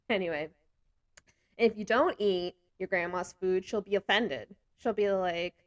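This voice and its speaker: A woman chatting casually to camera as a vlogger, animated, gesturing a lot and laughing often between remarks. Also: medium pitch, unhurried, no room sound, muffled recording. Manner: talks with hands a lot.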